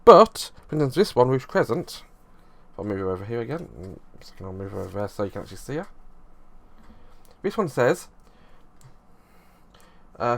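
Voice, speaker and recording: A man talks through how a card game works in an easygoing review. His voice sits at a middle pitch, and he explains things loosely, backing up and rephrasing as he goes. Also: big pitch swings, normal speed, vocal fry, pauses often. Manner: loose, rambling explanation with frequent restarts.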